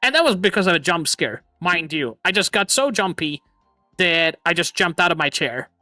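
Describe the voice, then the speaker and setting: A man hosting a casual livestream chat from a home setup on a boom mic, excitable, swearing and laughing often, with an imitation British accent. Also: moderate pace, no room sound, faint music behind. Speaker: streamer host. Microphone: boom arm microphone.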